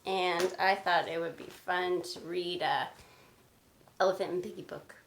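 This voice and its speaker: A woman teacher speaking gently to children in a video lesson, recorded on a phone. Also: lowish voice, flat delivery, gravelly. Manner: slow, gentle, explaining to kids. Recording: phone video with faint noise.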